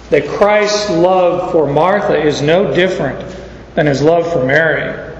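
Slow, folksy male preacher in an echoey hall. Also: a little high, a little hiss or hum. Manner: folksy, explains scripture with personal anecdotes. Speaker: pastor. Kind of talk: sermon. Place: large church hall. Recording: echoey dull church hall recording.

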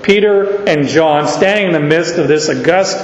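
A man preaching an expository sermon to a congregation, speaking slowly and deliberately and joking with his listeners. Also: fairly high pitch. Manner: slow, deliberate, jokes with the audience. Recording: echoey hall, slightly dull.

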